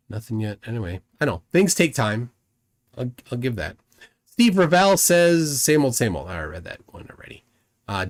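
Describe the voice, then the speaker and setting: A man hosting a livestream, rambling through commentary and reading chat comments aloud, often repeating words as he goes. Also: medium pitch. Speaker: livestream host.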